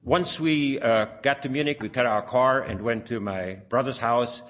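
A man's voice: medium pitch, moderate pace, a bit bright. An older man telling a long personal testimony, rambling with fillers and restarts. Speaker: speaker sharing a personal testimony. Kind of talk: anecdotal storytelling. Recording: dull lo-fi recording.

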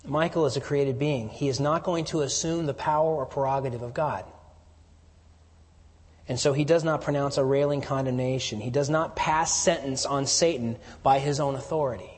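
A man preaching a sermon, moving from emphatic lines to hushed, near-whispered stresses. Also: medium pitch, steady tone, normal speed. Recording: long hall reverb.

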